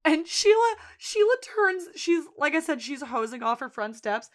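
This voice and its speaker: Speaking at a normal pace in a high voice, this podcast co-host chats casually through a recap of a TV episode. Her retelling is lively, and she performs the characters' quotes herself.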